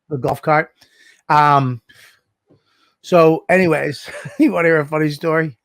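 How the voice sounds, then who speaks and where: Swearing, animated man telling stories. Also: a little high, measured pace, no room sound. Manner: animated storyteller, swears a lot, acts out dialogue. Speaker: podcast co-host. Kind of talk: casual chat.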